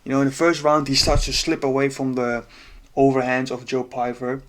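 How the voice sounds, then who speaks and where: A man's voice: medium pitch, level tone, a little fast, a bit bright. A man breaking down a fight in a casual, profane rant, exasperated and laughing at times. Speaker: MMA commentator.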